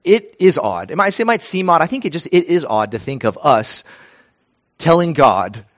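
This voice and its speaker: A man's voice: on the high side, sing-song, moderate pace, lo-fi sound. A man preaching a sermon in an earnest, emphatic way, repeating phrases for weight.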